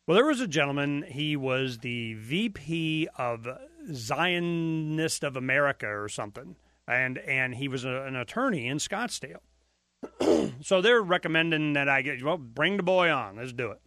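Man, talk radio host, rambling emphatic monologue, bright tone, close dry studio sound. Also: mid-range voice, lively intonation, normal speed, no room sound. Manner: rambling, emphatic, full of fillers.

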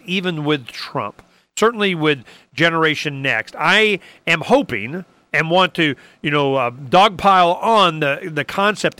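Bright, crisp-voiced man, rambling host. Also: a little high, dry recording. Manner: rambling, animated, sarcastic asides. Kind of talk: casual political talk.

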